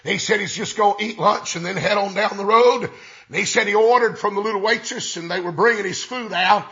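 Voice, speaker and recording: A man preaching a storytelling sermon, folksy and drawn out, building up to shouted exclamations. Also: sits high, brisk, highs cut off.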